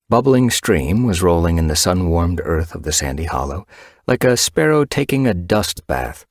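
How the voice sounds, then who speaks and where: A man narrating a storybook in an expressive storytelling manner. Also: low-pitched, moderate pace, no echo, studio quality. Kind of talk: audiobook narration.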